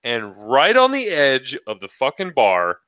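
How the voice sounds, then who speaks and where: In an unhurried mid-range voice, a podcast host spins an animated, profanity-filled story, laughing frequently along the way. The audio is lo-fi with no room sound.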